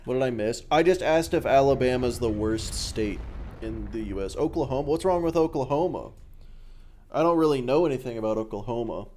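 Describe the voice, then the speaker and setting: A man's voice: medium pitch, animated, a little fast, a little mellow. A young Australian man streaming a game and chatting casually with viewers, joking and swearing freely. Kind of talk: casual chat while gaming.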